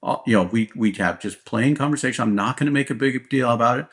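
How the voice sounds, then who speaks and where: A man's voice: medium pitch, fast talker. A man, a police officer guest, talking bluntly and plainly in an interview, often checking in with "right?". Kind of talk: candid interview talk.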